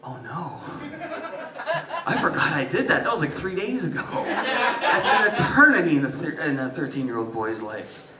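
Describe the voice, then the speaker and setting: Animated male stand-up comic in a roomy club. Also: on the high side, brisk, recorded from a distance, over a noisy crowd. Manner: animated, swings between loud bursts and muttered asides. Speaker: stand-up comedian. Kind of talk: stand-up storytelling. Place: live music venue stage. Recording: roomy live club sound from afar. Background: audience laughter.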